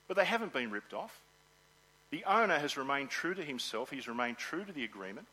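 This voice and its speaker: A man preaching to his congregation. He talks in a lively, animated way and acts out the grumbling of the people in his story. His voice is bright and forward, at a middling pitch. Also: breathy edge, rough recording. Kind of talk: sermon.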